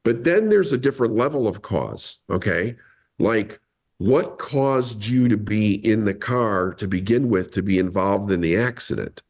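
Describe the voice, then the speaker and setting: A man's voice: on the low side, lively intonation, measured pace, darkish tone. Earnest man explaining mindset. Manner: earnest, explanatory, emphatic repetition. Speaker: podcast guest, mindset coach. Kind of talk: explaining in an interview.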